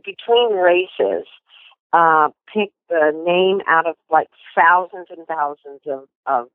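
An older woman, a guest in an interview, tells lively anecdotes and often restarts her sentences. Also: deep voice, no echo. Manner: animated anecdotes with many restarts. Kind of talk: storytelling interview. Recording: tinny phone line.

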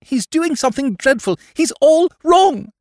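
A man voicing a distraught young aristocratic woman in an audiobook, pleading in high, near-hysterical cries. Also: expressive, moderate pace, darkish tone, no echo, clean studio sound, lightly acted. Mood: frantic. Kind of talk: audiobook character voice.

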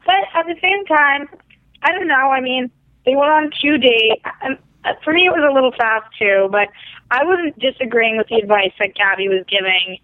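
A woman co-hosting a podcast over a phone line, chatting in an animated, self-deprecating way about a TV episode. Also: sits high, moderate pace, no room sound. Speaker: podcast co-host. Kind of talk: casual TV recap chat.

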